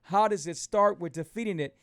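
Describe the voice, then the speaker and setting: A middle-aged man, hosting his own live show as a keto coach. He talks loosely and fervently, repeating himself as he pitches to viewers. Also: brisk, a bit bright, no room sound, clean studio sound. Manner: loose and conversational, many restarts. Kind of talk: live-stream talk to viewers.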